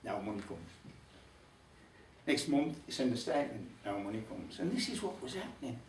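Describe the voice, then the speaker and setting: A man's voice: medium pitch, big pitch swings, moderate pace, darkish tone, slight background noise. An older man with a Black Country accent telling a humorous folk tale at a folk club, chatty with wry asides. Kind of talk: humorous storytelling to a live audience. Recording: roomy club hall from a distance.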